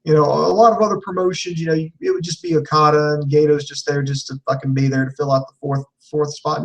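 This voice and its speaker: Man, casual rambling reviewer, lots of fillers, swears, fairly high voice, a bit off-mic. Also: fairly even intonation, fairly quick, hardly any pauses, distant mic, rough recording. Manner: rambling, filler-heavy, profane, enthusiastic. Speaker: wrestling show reviewer.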